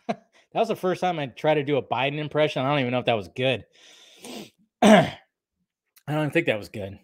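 A man's voice: fairly high pitch, lively intonation, moderate pace, long pauses, dry recording. A man hosting a casual livestream, reading and answering chat in a rambling, laid-back way. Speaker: YouTube host answering live chat.

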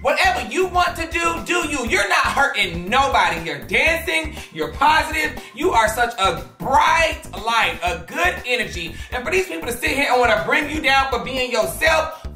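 A woman's voice: high-pitched, very animated, normal speed, sharp tone. A woman hosting a gossip vlog, talking casually and bluntly, sassy and profane. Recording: echoey room, off-mic, music underneath.

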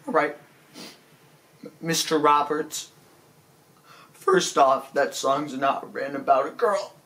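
A man plays up a fake-tearful apology in a slow, drawn-out delivery. He stammers through every sentence, pleading and self-pitying. His fairly high voice keeps jumping into squeaky cracks. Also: a bit bright. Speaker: comedy vlogger. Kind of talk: mock-serious apology monologue.

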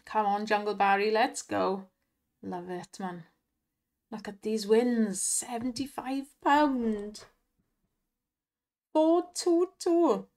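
A young woman hosting a slot-win video, gushing and giggling in excited commentary. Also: medium pitch, slow, long pauses.

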